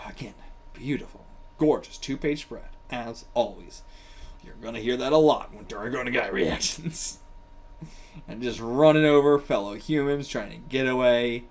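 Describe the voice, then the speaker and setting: A man hosting a casual manga reaction, excitable and loose-tongued, swearing freely and laughing often as he comments. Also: medium pitch.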